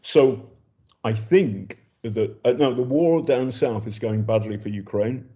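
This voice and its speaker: Older british man, war reporter, mellow low voice, muffled lo-fi line. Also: unhurried. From Britain. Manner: chatty, hesitant, many ums and restarts. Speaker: journalist reporting from a war zone. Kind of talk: casual spoken report.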